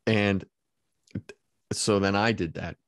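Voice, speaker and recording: A male podcast host telling a story in casual chat, animated and laughing often, restarting his sentences as he goes. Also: on the low side, takes it slowly, no echo, studio quality.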